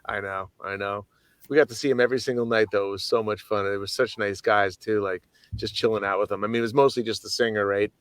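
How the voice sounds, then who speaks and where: Animated man telling a story, dry sound. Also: on the low side, fast talker, dry recording. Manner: animated storyteller, swears casually. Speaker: guest musician. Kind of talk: casual storytelling chat.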